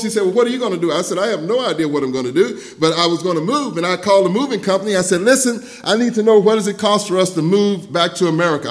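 In his sermon, an older pastor recounts personal stories, lowering his voice softly for quoted speech and raising it loudly during the preaching.

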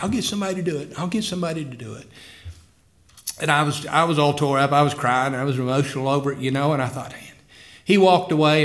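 A middle-aged man, preaching and telling his testimony in an earnest, emotional way. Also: on the high side. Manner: earnest, emotional storytelling with rising fervor. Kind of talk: sermon testimony.

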